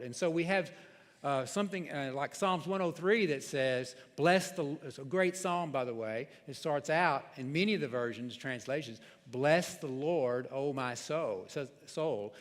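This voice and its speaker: A male pastor preaching in a church sanctuary, his voice sitting a little higher than most men's. He talks in a plain, conversational way and often restarts his sentences. The sound carries a long hall reverb. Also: fairly bright tone. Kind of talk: sermon.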